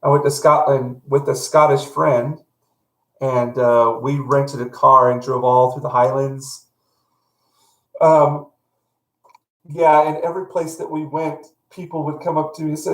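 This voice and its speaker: A man's voice: mid-range voice, steady tone, measured pace, a bit bright. A middle-aged man from North Carolina, chatting casually with stream viewers in a rambling, self-correcting, friendly way. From North Carolina, USA. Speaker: live art streamer. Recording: echoey room.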